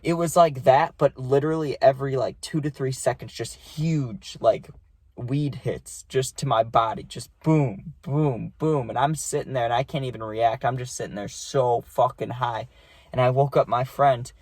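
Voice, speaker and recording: A man's voice: mid-range voice, moderate pace, a little mellow, dry recording. A young man telling a casual storytime with a rambling, profane manner and lots of fillers. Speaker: storytime vlogger.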